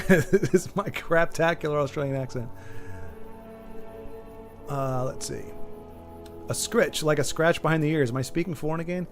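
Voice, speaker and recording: Streaming a video game, a man jokes and rambles with his viewers in casual gaming commentary, his voice fairly high and his speed normal, with frequent pauses. Faint game music plays in the background.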